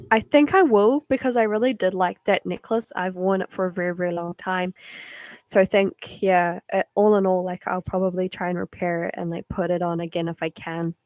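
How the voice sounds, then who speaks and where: A woman's voice: on the low side, darkish tone, no room sound. A young woman with a New Zealand accent who chats and rambles on a live stream while waiting to do card readings. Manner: rambling, chatty, many fillers. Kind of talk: casual live-stream chat.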